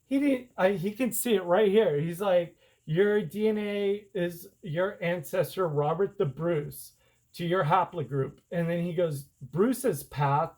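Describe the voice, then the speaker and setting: Excitable rambling man, slangy and indignant. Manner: excitable and rambling, pitch jumping up when indignant, slangy with "dude" and "bro". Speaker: self-published author and vlogger. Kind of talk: casual rambling monologue to camera.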